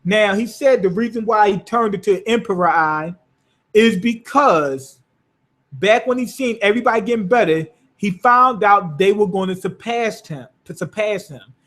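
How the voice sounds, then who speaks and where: A man recaps an anime episode in a loose, profane ramble, keeping his retelling animated. He's an anime reviewer with a high-pitched voice and a moderate pace.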